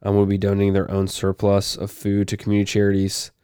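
Here the young co-host runs through news items in a monotone at a quick pace, stopping for casual tangents. His slightly low voice is mellow and smooth, and the close, dry sound has no echo.

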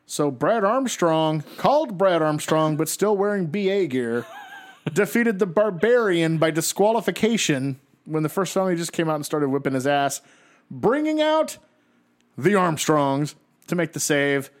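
A man co-hosting a casual podcast, recapping old wrestling shows as an animated storyteller who laughs often. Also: a little high, measured pace. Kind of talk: casual chat.

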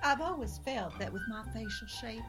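Brief: actress as a vain flirt of a columnist, airy and coy, high and lively voice, music bed. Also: female voice, moderate pace, gravelly. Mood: flirty. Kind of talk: audio drama acting.

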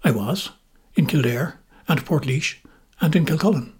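A sociable, easygoing publican, played by a male storyteller. His voice is very husky and his talk genial, a figure in an audio story. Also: fairly high pitch, normal speed.

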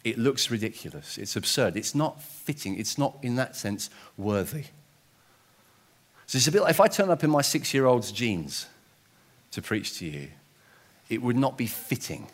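A middle-aged man preaching a sermon in an animated, conversational way, often restarting and adding asides. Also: medium pitch, moderate pace.

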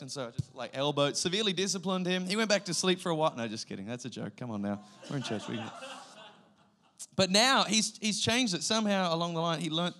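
Lively Australian man preaching. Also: fairly high pitch, a little fast. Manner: lively storytelling with sudden loud bursts. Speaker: guest pastor. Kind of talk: sermon.

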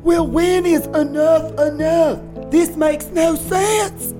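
A man's voice: very high-pitched, fairly even intonation, slow pace, over music, pitched above the performer's own voice. A man playing an exasperated mother. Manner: exasperated, scolding. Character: exasperated middle-aged mother who hates nonsense.

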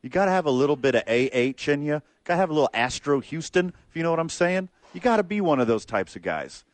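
Lively wisecracking male radio co-host. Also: a little high, fast, no room sound. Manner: wisecracking, animated. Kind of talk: casual sports talk banter.

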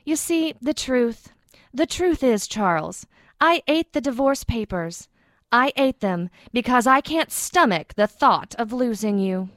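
Wife refusing divorce, woman acting it, dramatic monologue, bitter jokes, fairly high voice. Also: animated, unhurried, a bit bright, dry recording. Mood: earnest. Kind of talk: acted monologue.

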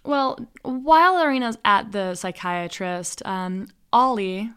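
A woman co-hosting a podcast, casually recapping a film with quick, joking asides. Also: medium pitch, a bit bright, smooth. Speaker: podcast co-host.

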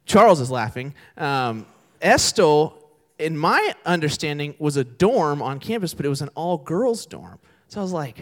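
A man's voice: fairly high pitch, big pitch swings, moderate pace. A young man preaching a sermon to a live audience, telling a story in a casual, chatty way and often checking in with the crowd. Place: church service before an audience.

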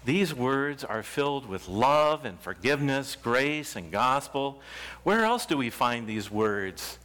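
A male pastor preaching a sermon, reading scripture slowly with deliberate pauses into a church microphone. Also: mid-range voice, a bit bright.

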